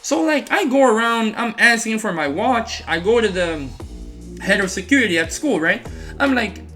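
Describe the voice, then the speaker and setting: A man's voice: sits high, moderate pace, soft background music. A man casually telling a personal story in a storytime vlog, with a lot of "like" and acted-out quotes. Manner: animated retelling, filler-heavy with many "like"s; acts out quoted voices of others.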